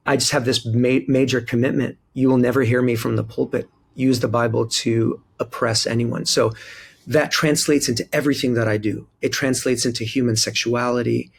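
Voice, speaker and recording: A man from Jerusalem who serves as a pastor speaks as an interview guest, recalling his own experiences. His voice has a gravelly edge and sits at a middle pitch. He talks earnestly and pauses often, slipping in wry asides. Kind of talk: reflective conversational storytelling.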